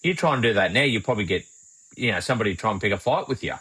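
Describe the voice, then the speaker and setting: A low-voiced man co-hosting a casual podcast. He tells his story haltingly, with many pauses and fillers. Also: expressive, pushed and bright, husky, poor audio. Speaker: podcast co-host, former police officer.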